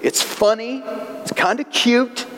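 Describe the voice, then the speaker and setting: A man's voice: extremely high pitch, slow, a bit bright, big-room sound. A man preaching a Sunday homily, telling stories with emphatic repetition. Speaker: priest.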